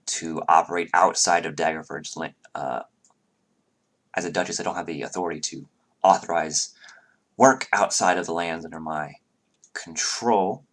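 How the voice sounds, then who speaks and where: A man's voice: extremely low pitch, a bit bright, exaggerated voice. A man voicing a composed, formal duchess who speaks politely and carefully in a tabletop game. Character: formal, measured duchess, middle-aged woman. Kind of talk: tabletop role-play voicing.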